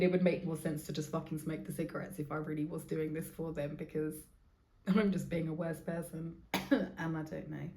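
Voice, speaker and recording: A woman in her thirties hosting a solo podcast, talking in a rambling, confessional way, swearing freely and poking fun at herself. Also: fairly low pitch. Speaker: podcast host. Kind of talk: candid solo podcast monologue.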